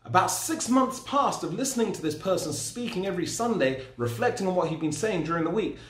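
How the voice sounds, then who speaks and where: A man's voice: sits high, animated, a little fast, a bit bright. A man in his forties giving a personal testimony in a storytelling, self-deprecating way. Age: 40s. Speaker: speaker sharing his story. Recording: roomy echo.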